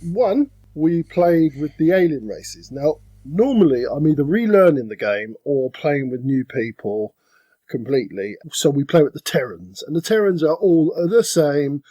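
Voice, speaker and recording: Guy cohosting a games podcast, bouncy up and down pitch, goofy voices here and there. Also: measured pace, no room sound. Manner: animated, slips into silly put-on voices. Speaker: podcast co-host. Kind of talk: casual chat about board games.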